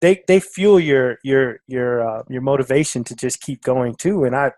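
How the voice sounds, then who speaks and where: A man's voice: mid-range voice, moderate pace, darkish tone, no room sound. Enthusiastic man interviewing, dry close sound. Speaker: podcast host, interviewer. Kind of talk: casual interview talk.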